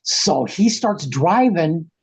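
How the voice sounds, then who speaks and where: A middle-aged man on a podcast, rambling through an animated, slangy story and acting out what people said. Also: a little high, slow pace, husky. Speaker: podcast guest. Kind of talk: casual storytelling.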